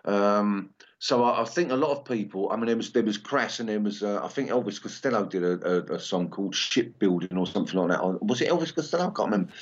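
A man's voice: fairly low pitch, animated, fast talker. An English man in his sixties, a punk singer chatting in an interview, rambling with many ums and restarts. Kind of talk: casual interview chat. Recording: slightly dull lo-fi sound.

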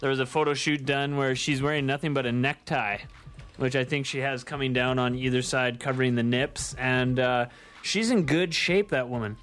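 A man's voice: medium pitch, steady tone, moderate pace, fairly bright tone. Cheeky man co-hosting college radio. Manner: cheeky, playful teasing. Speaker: radio co-host. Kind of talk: casual radio banter.

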